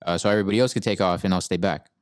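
A man's voice: deep voice, fairly even intonation, racing, no room sound, studio quality. A young man co-hosting a podcast, telling a rant in a laid-back, profane way and saying "bro" a lot. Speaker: podcast co-host. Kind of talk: casual storytelling rant.

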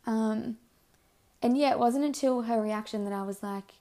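A young woman hosting a podcast, talking in a rambling, earnest way with many fillers, her voice hoarse as she loses it. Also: fairly high pitch, moderate pace, dark tone. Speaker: podcast host. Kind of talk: casual reflective monologue.

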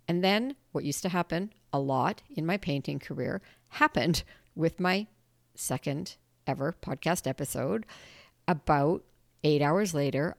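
A woman's voice: sits low, dry recording, studio quality. A woman hosting her own podcast, talking candidly and animatedly in a casual solo monologue, laughing often and swearing now and then. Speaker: podcast host.

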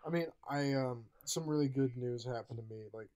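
A young man in casual podcast chat, rambling with lots of profanity. His voice sits at a middle pitch and jumps up when he gets worked up. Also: fairly quick, darkish tone, clear, resonant tone. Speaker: podcast co-host.

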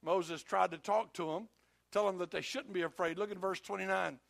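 A man's voice: high voice, steady tone, moderate pace, creaky, a bit bright, no echo. A male pastor preaching a sermon, emphatic and repetitive, who speaks directly to his congregation.

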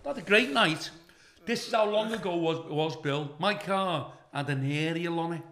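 A man's voice: fairly high pitch, normal speed, fairly bright tone, reverberant. An older man with a Liverpool accent, a comedian telling brash, profane stories in a casual interview. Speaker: comedian, guest.

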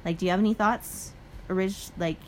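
A young adult woman co-hosting a podcast in casual chat, telling stories in an animated way and laughing often. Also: mid-range voice, a little fast, a little hiss or hum. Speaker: podcast co-host.

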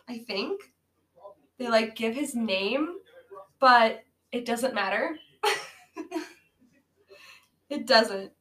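A woman co-hosts a casual movie-review podcast, her bright, high voice drawling out a sarcastic recap. She laughs often and swears freely, and the amateur recording rings around an echoey room. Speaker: podcast co-host.

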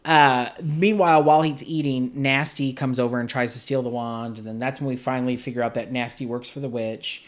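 A man's voice: mid-range voice, fairly even intonation, a little fast, few pauses. A man hosting a podcast, casually reviewing a film in a sarcastic, exasperated way. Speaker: podcast host.

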